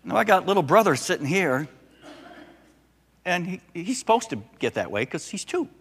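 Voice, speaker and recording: An older man, a pastor, preaching a sermon and telling a story with animated, acted-out voices. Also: high voice, moderate pace, slightly rough, in a large hall.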